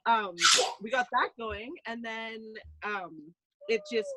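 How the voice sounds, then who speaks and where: A woman's voice: fairly high pitch, takes it slowly, fairly bright tone, low-quality recording. A woman from Canada giving a casual, bubbly testimony as a client on a video call, jumping between thoughts. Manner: bubbly, laughing, scattered. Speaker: client guest.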